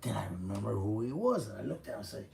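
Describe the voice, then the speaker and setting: Gravelly, blunt-talking man in his fifties. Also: on the low side, very animated, quick pace, a little mellow, a little hiss or hum. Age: 50s. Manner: profane, blunt, street-talk storytelling. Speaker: former prisoner telling his story. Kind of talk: casual storytelling.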